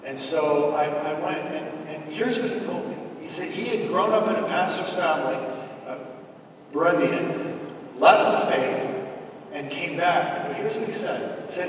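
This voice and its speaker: A man's voice: sits high, a little slow. A middle-aged man giving an earnest, preaching-style talk to a church audience, telling stories and calling them brothers and sisters. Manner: earnest, storytelling, addresses listeners as brothers and sisters. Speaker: speaker at a church event. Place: large dinner hall. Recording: echoey hall from far off, with noise.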